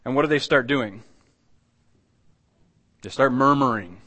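A man's voice: mid-range voice, unhurried, bright, forceful tone. A man preaching a sermon as pastor, conversational and earnest, asking the congregation rhetorical questions. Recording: long hall reverb.

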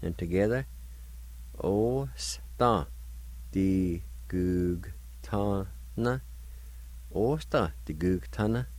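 Slow, deliberate man with a low voice. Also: a little mellow, low-quality recording. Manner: deliberate, repeats each word and spells it letter by letter. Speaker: radio host teaching vocabulary. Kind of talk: slow spelled-out language lesson.

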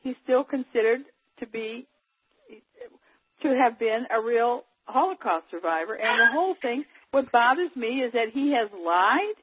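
A woman's voice: fairly high pitch, expressive, unhurried, a little hiss or hum. A woman chatting as a guest in a casual phone conversation, talking in a rambling, chatty way. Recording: tinny phone line.

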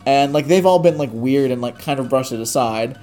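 A man's voice: mid-range voice, a little fast, a little mellow, soft background music. A man telling a story in casual chat, swearing often and sounding exasperated as he rants. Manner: profane, exasperated ranting storyteller.

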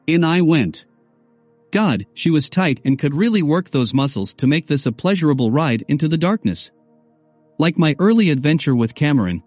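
Expressive male story narrator. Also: fairly high pitch, no echo. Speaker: audiobook narrator. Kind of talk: first-person story narration.

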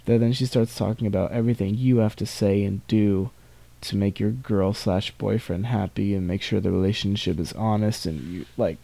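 Teen guy rambling on his podcast, kinda low and mellow, keeps restarting himself. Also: steady tone, moderate pace, vocal fry, no echo. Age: teens. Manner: rambling, many restarts and asides. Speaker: podcast host. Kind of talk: casual solo monologue.

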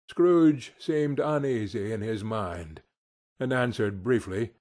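A man narrating an audiobook with expressive storytelling. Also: medium pitch, slow pace. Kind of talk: scripted narration.

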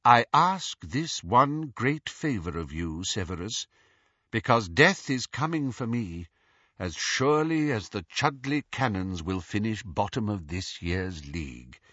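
A gentle, very old wizard headmaster, read by a man in an audiobook. He speaks calmly and wryly, his tone bright and lilting, rising and falling a lot. The dry studio sound is a little dull. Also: on the low side, dry recording, heavily acted. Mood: gently wry. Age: older. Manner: calm, lightly wry, measured. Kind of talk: audiobook character reading.

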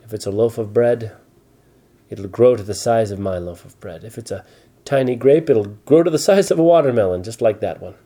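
A man voicing a big, gentle male giant in a bedtime story, with a wailing, raised voice. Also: a little fast, natural voice. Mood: grateful. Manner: wailing, pitched up high.

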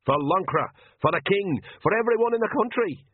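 A man's voice: high voice, expressive, normal speed, slightly rough, no echo, voice pushed up. A man doing a bawdy, earthy old witch. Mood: blunt. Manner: blunt and earthy. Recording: tinny phone-like dry sound.

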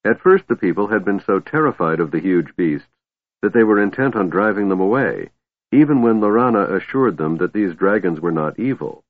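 A man narrating a fantasy audiobook in a steady storytelling voice. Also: on the low side, moderate pace. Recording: tinny phone-like sound, dry.

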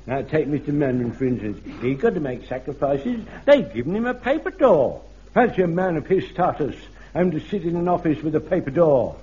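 A flustered, fussy old soldier. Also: male voice, on the high side, sing-song, brisk, warm tone. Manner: fussy, rambling, stammering. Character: flustered elderly platoon man, eager and nervous. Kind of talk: vintage radio comedy acting. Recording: dull lo-fi archive radio recording with faint hiss.

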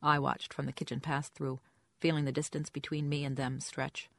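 A woman with a low voice narrating a first-person story in a wry, reflective tone. She reads into a close mic, and the sound is dry with no room around it. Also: little pitch movement, moderate pace, creaky, fairly bright tone, no room sound. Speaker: audiobook narrator.

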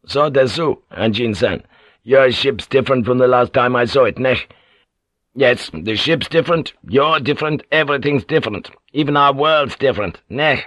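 A haughty warlord sneers through short, blunt phrases, read by a man. His voice sits higher and louder than the narrator's own, in a dry, close reading. He sounds like a proud middle-aged man used to giving orders. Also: moderate pace, dry recording, natural voice. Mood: mocking. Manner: blunt, curt and mocking, broken clipped phrases. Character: arrogant scheming middle-aged male feudal warlord.

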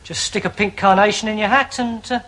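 An actor playing a grubby, dim-witted servant who talks in a dull, matter-of-fact way, with studio audience laughter. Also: male voice, high-pitched, fairly even intonation, a little fast, fairly bright tone. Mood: deadpan. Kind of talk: sitcom acting.

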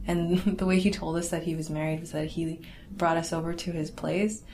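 Young woman rambling about her family, lowish voice, lots of likes and you knows, kinda halting. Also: fairly even intonation, a little mellow. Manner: casual, halting, lots of fillers and restarts; laughs wryly through awkward memories. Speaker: interviewee. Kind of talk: personal storytelling.

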